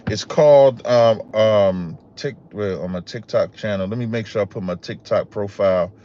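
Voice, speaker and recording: A man's voice: fairly low pitch, normal speed, mellow, dull audio, slight background noise. A man hosting a casual livestream podcast, talking straight to his chat with rising, emphatic outbursts and calling his viewers y'all. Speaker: podcast host.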